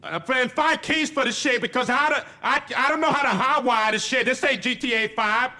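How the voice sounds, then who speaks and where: A young man giving loud, profane, panicky commentary while playing a horror game. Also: very high voice, a little fast. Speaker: gamer streamer.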